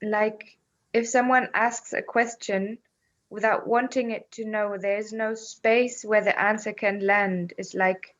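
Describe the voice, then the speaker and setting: A woman talks slowly through her thoughts in a reflective conversation, repeating words as she feels for the right phrase. Her voice sits at a middle pitch. The recording is a little muffled and dull. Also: level tone, fairly bright tone. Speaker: interview guest. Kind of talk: reflective conversation, telling a parable.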